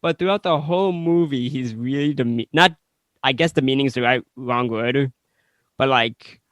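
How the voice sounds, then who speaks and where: A man's voice: medium pitch, moderate pace, a bit bright, dry recording. A man co-hosting a casual podcast chat, blunt and opinionated, acting out characters' lines as he argues his point. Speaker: podcast co-host.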